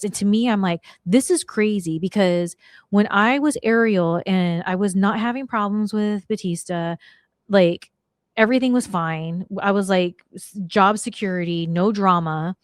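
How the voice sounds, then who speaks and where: A middle-aged woman casually telling a story on her podcast, slangy and animated, acting out the people she quotes. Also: mid-range voice, a little slow, no room sound, studio quality. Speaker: podcast host.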